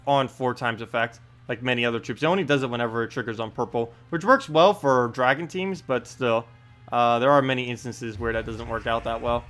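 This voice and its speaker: A man casually commenting on his gameplay during a live stream and answering viewer questions. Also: medium pitch. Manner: relaxed, thinks aloud, lots of uh and um. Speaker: game streamer.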